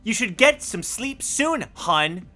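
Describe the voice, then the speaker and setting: A streamer voicing a creepy, detached girl who talks in a slow, lifeless monotone while reading game dialogue aloud. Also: medium pitch, faint music behind, full character voice.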